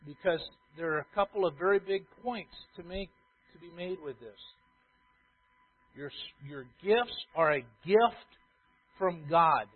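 A man with a fairly high voice delivers a sermon to his church. He slips between hushed, almost murmured asides and loud, emphatic repeated lines, often stopping to ask the congregation a question. The sound is thin and tinny, like a phone line. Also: husky. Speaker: pastor.

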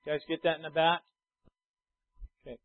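A man preaching to a congregation, with a notably high voice. He reads scripture slowly and with force, then drops into easy explanation. The recording is thin and tinny, like a phone line. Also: level tone. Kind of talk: sermon with scripture reading.

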